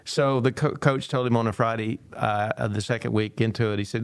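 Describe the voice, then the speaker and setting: A man co-hosting a panel talk, telling a long story and acting out the people in it with lively quoted voices. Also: medium pitch, fast, clean tone, no echo. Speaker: podcast co-host.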